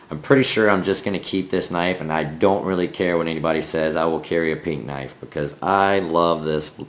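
A deep-voiced man with a Minnesotan accent hosts a casual vlog. He talks in a folksy, rambling way, filling pauses with "uh" and "I mean". He grew up in the American South. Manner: rambling, folksy, lots of fillers. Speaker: knife review channel host.

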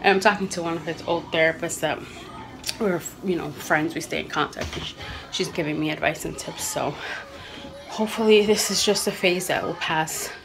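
Chatty young mother with a lower voice. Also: moderate pace, vocal fry, noisy background. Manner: rambling, thinking aloud. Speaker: vlogger, mother. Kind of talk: casual home vlog chat. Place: home kitchen.

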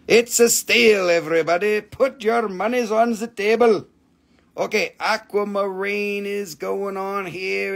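A man's voice: high voice, creaky. Crude, joking man selling crystals. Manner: crude joking sales patter. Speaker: live sale host. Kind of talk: live shopping stream.

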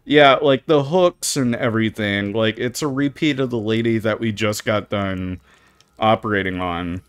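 A streamer with a lowish, smooth voice comments casually on a live game at normal speed. He stammers, swears, and reacts with disgust, and the recording is dry.

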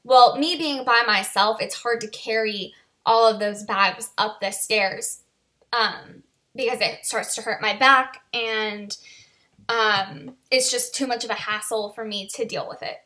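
A woman's voice: fairly high pitch, a little slow, sharp tone. A woman in her twenties telling a story in a casual vlog, chatty and full of "like" and "you know". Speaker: vlogger.

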